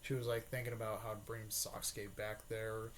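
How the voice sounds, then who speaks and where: A man's voice: on the low side, level tone, normal speed, slight background noise. A man casually retelling an anime fan story, rambling with many fillers, restarts and repeated pet words.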